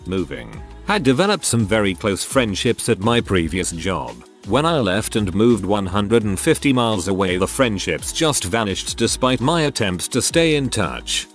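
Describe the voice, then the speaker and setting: Low-voiced man reading stories, lively. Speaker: narrator reading online posts. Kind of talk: scripted narration.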